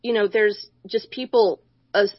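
Woman, husky voice, earnest and emphatic, Bible discussion co-host, dry lo-fi recording. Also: mid-range voice, steady tone, unhurried, dry recording. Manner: earnest, emphatic, with frequent restarts.

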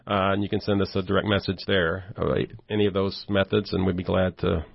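A man who is a guest on an interview show, telling stories in a casual, animated way and acting out the voices of the people he quotes. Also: sits low, a little fast, creaky, breathy edge. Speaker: ministry volunteer guest. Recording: dull lo-fi audio.

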